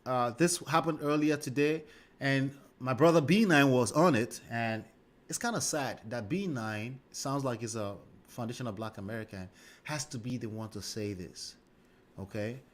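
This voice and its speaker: A man's voice: mid-range voice, moderate pace. A man hosting a livestream and commenting on a clip, speaking emphatically and checking in with "okay?" and "right?". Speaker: livestream host.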